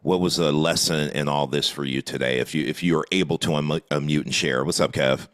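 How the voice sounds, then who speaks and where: A man's voice: rumbling low, steady tone, a little fast, no room sound, clean studio sound. A man, a real estate coach, giving encouraging feedback on a group video call and often repeating words as he starts.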